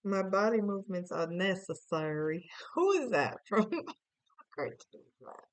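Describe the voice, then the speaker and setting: A woman's voice: medium pitch, very animated, unhurried, no room sound, poor audio. A woman giving a casual tarot reading, playful and musing aloud with chatty asides. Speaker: tarot reader.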